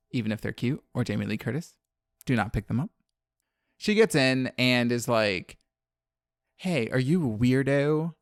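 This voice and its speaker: A man's voice: medium pitch, fairly bright tone, no echo, clean studio sound. A man from New Orleans co-hosting a podcast, recapping a horror film in casual, profane chat and laughing often. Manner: chatty, profane, laughs often, many fillers.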